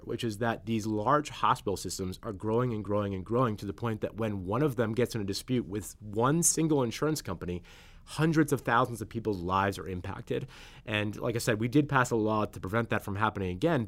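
A man with a fairly low voice talks through policy on a union podcast. He is earnest and orderly and lists his points one by one. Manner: earnest, explains in numbered points. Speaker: state legislator guest.

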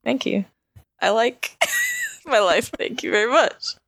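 A woman's voice: fairly high pitch, animated, unhurried, gravelly, a bit bright, dry recording. A young woman co-hosting a podcast in casual chat, self-mocking and giggly, breaking into shrieking laughs. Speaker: podcast co-host.

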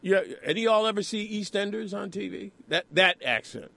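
In a studio with no room sound, a man hosts a political radio talk show. His high, gravelly voice moves briskly, and his delivery is animated, rhetorical, and conversational.

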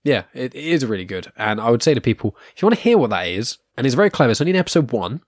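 A man's voice: mid-range voice, big pitch swings, very fast, no echo, studio quality. A young man hosting a podcast, chatting casually with a rambling, self-deprecating manner, full of fillers and restarts. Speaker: podcast host.

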